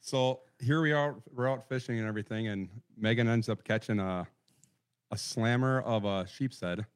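A man telling an amused, animated story as a guest on a casual chat show. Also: mid-range voice, normal speed, clear, resonant tone.

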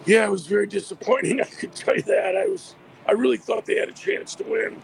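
A hoarse man, an athletic director, calling in by phone to a radio show from outdoors. He chats casually and often restarts his sentences. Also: high-pitched, big pitch swings, fairly quick, a little hiss or hum. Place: outdoors by a busy street.

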